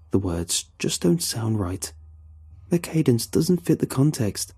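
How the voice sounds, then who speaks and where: Man, horror storyteller, tense, measured, dark mellow tone, husky. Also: medium pitch, very animated. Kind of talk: first-person horror narration.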